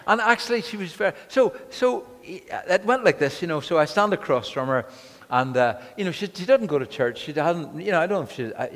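A male preacher delivers a sermon with a slightly raised pitch, his words trailing into the long reverb of a hall. He tells stories in an animated way, stumbling and repeating words as he builds his points. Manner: animated storytelling with frequent restarts and repeated words. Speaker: pastor.

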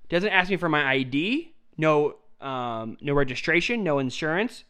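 A young man tells a rambling, profane story in relaxed podcast chat. His voice sits a bit high for a man and comes out smooth and clear. He laughs through the telling and keeps it loose. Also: normal speed. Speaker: podcast co-host.

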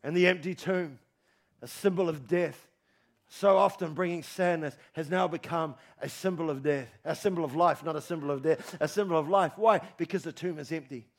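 A male pastor preaching a sermon to a congregation, repeating phrases with emphasis, swinging from loud calls to low, quiet lines. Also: normal speed. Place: church hall with congregation.

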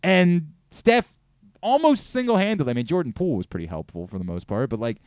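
A middle-aged man hosting a sports talk show, ranting and gushing in a casual, profane, excitable way. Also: fairly high pitch, clean tone, no echo, clean studio sound. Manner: animated, profane, rapid swings between excitement and rant. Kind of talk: casual sports radio chat.

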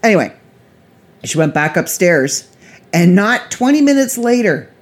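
A woman's voice: fairly low pitch, sing-song, unhurried. Chatty middle-aged woman telling a story. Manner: chatty, rambling, frequent restarts. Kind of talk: casual storytelling.

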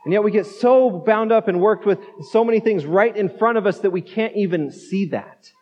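A man's voice: high voice, normal speed, a little mellow. A man pastor giving a conversational sermon, repeating words as he goes and acting out the quotes. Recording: dull muffled sound in a reverberant hall.

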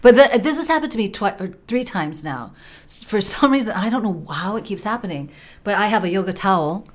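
A woman's voice: mid-range voice, fairly quick. A woman co-hosting a radio show, telling funny stories in casual chat and laughing often. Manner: animated storyteller, laughs often. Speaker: radio co-host.

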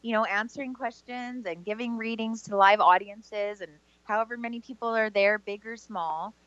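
A woman's voice: on the high side, fairly even intonation, normal speed, a bit bright, dry recording, lo-fi sound. A woman from Canada co-hosting a casual radio chat, rambling and hedging with lots of "like". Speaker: psychic medium co-host.

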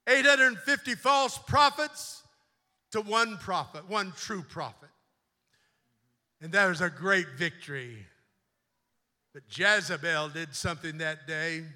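A man delivering a fervent sermon from the pulpit, his voice high and ringing with a sharp, bright edge. He drops low to tell the story, then climbs into loud exhortation. A long reverb trails each phrase through the sanctuary. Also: lively intonation, slow pace, pauses often. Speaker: bishop preaching. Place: church sanctuary.

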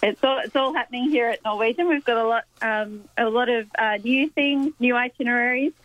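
A woman's voice: fairly high pitch, fairly quick, no echo. Upbeat woman over a dull lo-fi line. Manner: upbeat, promotional. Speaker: cruise line representative. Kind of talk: radio interview.

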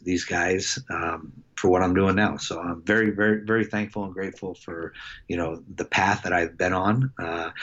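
A middle-aged man, a coach, telling a personal story in a casual interview, halting with many fillers and restarts. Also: low voice, fairly bright tone. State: emotional. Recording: dull lo-fi sound.

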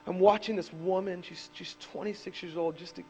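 A man in his thirties preaching a sermon as pastor, telling stories animatedly and rising to shouts on key points. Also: high voice, fairly even intonation, fairly quick, slight background noise, low-quality recording. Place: church.

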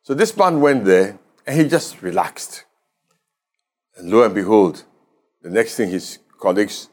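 Emphatic Ghanaian preacher, low-voiced man. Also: lively intonation, a little mellow. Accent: Ghanaian English. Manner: measured, emphatic preaching with rising stresses. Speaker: pastor. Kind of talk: radio sermon. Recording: broadcast radio sermon.

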